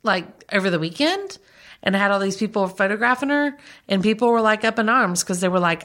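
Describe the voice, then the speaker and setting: A woman's voice: mid-range voice, expressive, brisk, fairly bright tone. A woman with a Southern American accent, chatting and gossiping casually as a podcast co-host, with lots of fillers and laughter. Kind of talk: casual celebrity gossip chat.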